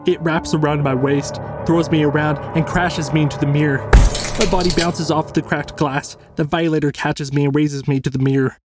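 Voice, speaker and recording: A man's voice: a little high, steady tone, music in the background. Man narrating a tense horror tale. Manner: tense, measured first-person storytelling.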